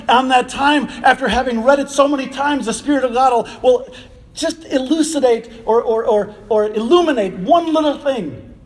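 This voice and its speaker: A man preaching a sermon, animated and conversational, often repeating words and laughing between phrases. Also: extremely high pitch. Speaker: pastor.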